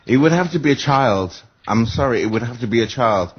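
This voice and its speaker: A man with a husky, breathy voice muddles through his point, full of uhs and restarts. The audio is dull and lo-fi. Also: mid-range voice, expressive, a little fast. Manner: hesitant, filler-heavy. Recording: dull lo-fi internet radio audio.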